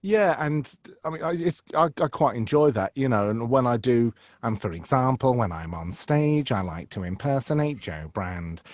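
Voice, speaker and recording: In a relaxed interview, a man who does voice acting and impressions talks animatedly at a moderate pace with few pauses, slipping into voices mid-sentence and using lots of fillers and restarts. His voice is mid-range, and there's no room sound.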